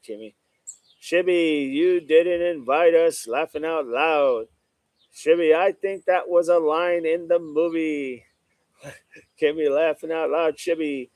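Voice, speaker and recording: Reading viewer comments aloud on a casual live stream, a man greets chatters by name and often says "no doubt about it." His voice is a little high with a darkish tone, and there is no echo.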